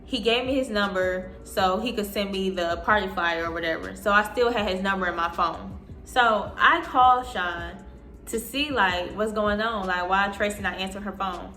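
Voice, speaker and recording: Girl in her 20s doing a storytime, bright voice, echoey room, music low underneath. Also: moderate pace. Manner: animated, acting out quotes in voices. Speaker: vlogger. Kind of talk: storytime vlog. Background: soft background music.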